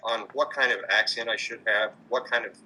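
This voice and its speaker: A man's voice: mid-range voice, fairly even intonation, a little fast, pushed and bright, a little hiss or hum, poor audio. A man answering interview questions about his street performing, hesitant, with many fillers and restarts. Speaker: street performer in mobster costume.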